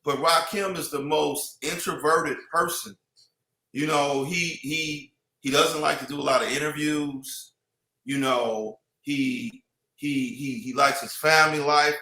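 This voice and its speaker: A man's voice: on the high side, steady tone, measured pace, sharp tone, roomy sound, poor audio. A man in casual podcast chat, rambling with many restarts and "you know what I mean".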